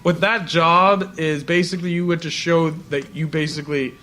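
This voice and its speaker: A young man chatting casually with a friend, relaxed and agreeable, often answering with a quick yeah. His voice sits a bit above the usual male range. When he tells a story, he throws himself into exaggerated voices. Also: on the high side, a little hiss or hum. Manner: laid-back, chimes in with short agreements, exaggerated voices in anecdotes. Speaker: podcast co-host. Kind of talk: casual chat.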